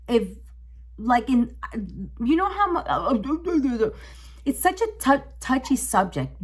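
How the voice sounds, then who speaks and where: Young woman vlogger, animated storyteller with frequent restarts. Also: fairly high pitch. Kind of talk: storytime vlog, casual chat.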